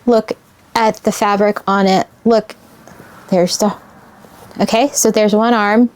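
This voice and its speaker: A woman's voice: mid-range voice, fairly even intonation, a little mellow, clean tone. A woman casually showing vintage fabric scraps to her viewers, musing and sentimental as she unpacks them. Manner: wistful, sentimental, talks to viewers while unpacking; unhurried and musing. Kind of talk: casual show-and-tell vlog.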